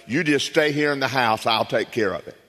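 A man's voice: medium pitch, fairly quick, fairly bright tone, big-room sound, lightly acted. A man playing a stern farmer father who scolds his son. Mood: scolding.

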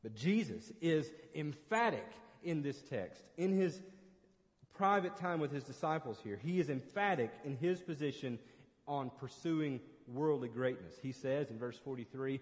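A man's voice: fairly high pitch, lively intonation, a little slow, darkish tone, big-room sound. A man preaching an expository sermon as pastor, earnest and emphatic, often restarting phrases.

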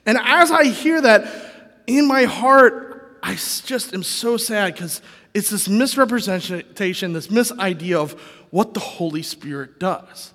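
A man's voice: high-pitched, animated, measured pace, fairly bright tone. A man preaching a sermon in a casual, conversational way, often asking the congregation questions. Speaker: pastor. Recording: long reverb of a large hall.

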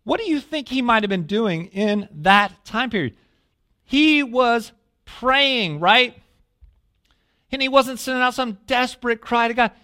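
A man preaching a sermon as a pastor, telling a story with lively asides and questions to the listeners, dropping to a hush when quoting prayers. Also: extremely high pitch, unhurried. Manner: animated storytelling, asks the congregation questions.

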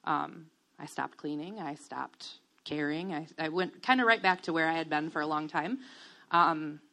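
Candid woman with a lowish voice. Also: normal speed. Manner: candid and reflective, many ums, soft laughs. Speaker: guest sharing a testimony. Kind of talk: personal testimony, casual.

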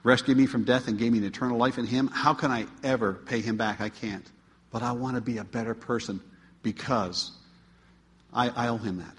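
A man's voice: medium pitch, fairly even intonation, a little fast. Man preaching in a reverberant hall. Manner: rising to emphatic, pleading peaks then dropping quiet; asks the congregation rhetorical questions. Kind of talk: sermon. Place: church.

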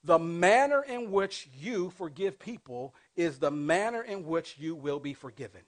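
Male preacher, call-and-response sermon, fairly high voice, loud bursts and quiet asides. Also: animated, unhurried. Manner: call-and-response preaching, asks congregation to repeat phrases; swings between loud emphatic bursts and soft asides. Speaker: pastor. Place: church before a congregation.

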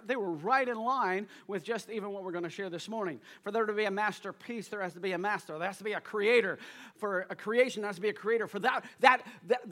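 High, bright-voiced man preaching energetically. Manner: energetic, exhorts the congregation to respond. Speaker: pastor. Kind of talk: sermon. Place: church service before a congregation.

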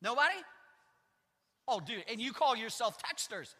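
A man's voice: very high-pitched, sing-song, moderate pace, pushed and bright. A middle-aged man preaching as a pastor in a joking, conversational sermon, teasing the congregation with self-mocking asides. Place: church sanctuary. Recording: long church reverb.

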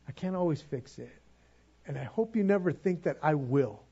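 A man preaching to his congregation with an earnest, pleading manner, doubling back on words as he goes. His voice sits a little high for a man, with a husky, mellow tone. The recording is slightly dull and muffled. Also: animated, normal speed. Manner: earnest, repeats words when stirred, pleading. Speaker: pastor. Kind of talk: sermon.

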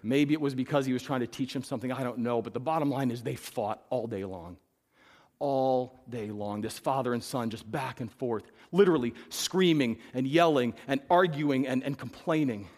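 A middle-aged man, a pastor preaching a sermon, who climbs to loud emphatic peaks and then drops to soft, reflective storytelling. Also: mid-range voice, normal speed. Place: church sanctuary. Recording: long reverb of a hall.

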